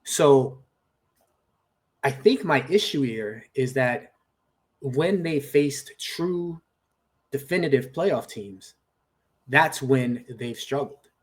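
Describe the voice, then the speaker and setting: Lively man weighing up a football game. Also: mid-range voice, slow, long pauses. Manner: thoughtful, hedging, laughs at own jokes. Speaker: podcast co-host. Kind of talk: casual sports betting chat.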